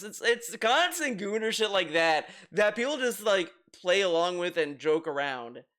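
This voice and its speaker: High-voiced man rambling through casual commentary. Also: animated, moderate pace, fairly bright tone. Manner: rambling, profane, repeats words and restarts often. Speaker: commentary video host.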